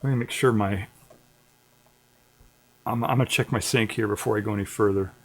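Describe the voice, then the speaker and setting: A middle-aged man hosts a livestream, chatting in a laid-back, wandering way and chuckling often. His voice sits on the low side with a steady tone and a slightly fast pace, and the recording is very noisy.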